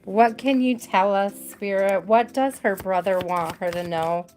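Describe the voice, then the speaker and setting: A woman giving a live tarot reading, gentle and emotional, repeating her words softly. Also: mid-range voice, measured pace, faint music behind. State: tearful at times. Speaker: tarot reader.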